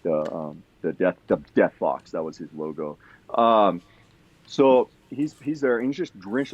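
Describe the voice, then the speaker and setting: A man telling a long story on a podcast in a casual, rambling way, swearing freely and full of fillers and restarts. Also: on the low side. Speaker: podcast guest. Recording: dull lo-fi sound.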